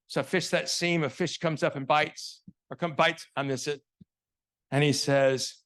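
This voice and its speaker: A man's voice: medium pitch, normal speed, a bit bright. A man giving a live business talk to an audience, telling stories and asking rhetorical questions. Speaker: sales consultant giving a keynote. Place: event venue before an audience.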